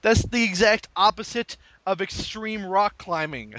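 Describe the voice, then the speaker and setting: Young man, high bright voice, animated storyteller who laughs often. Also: a little slow, no echo. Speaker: new call center employee. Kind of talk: casual chat.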